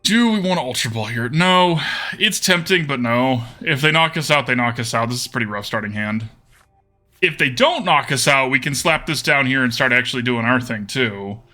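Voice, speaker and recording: A man's voice: mid-range voice, animated, moderate pace, pushed and bright, faint music behind. A man streaming a card game, thinking aloud about his plays and chatting casually with viewers.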